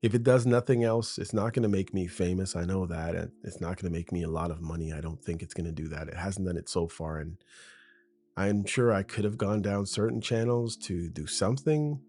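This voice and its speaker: A low-pitched, mellow male voice moves along fairly quickly as the podcast host talks off the cuff. His monologue is casual and rambling, pitched like a conversation with a best friend, recorded on a foam-shielded studio mic in a home room before a window.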